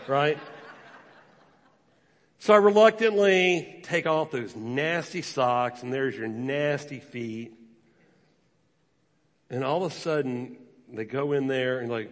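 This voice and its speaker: A man's voice: medium pitch, slow, long pauses. A man preaching a sermon as a pastor, telling stories with acted quotes. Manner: storytelling with acted quotes, animated. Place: church sanctuary. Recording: long reverb of a large hall.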